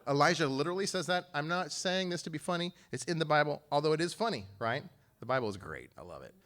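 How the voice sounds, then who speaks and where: A pastor preaches a lively sermon at a fast pace, animatedly telling stories and acting out quotes with leaps in pitch and volume. He keeps it conversational, tossing joking asides to the congregation.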